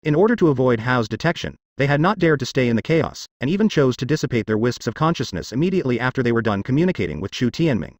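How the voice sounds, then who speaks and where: Expressive male audiobook narrator. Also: medium pitch, quick pace, few pauses, no echo, clean studio sound. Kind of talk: scripted fantasy narration.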